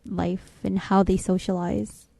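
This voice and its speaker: Mellow-voiced woman chatting casually. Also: medium pitch, level tone, measured pace, creaky, no echo. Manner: rambling, hesitant, lots of restarts. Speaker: co-host. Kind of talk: casual chat.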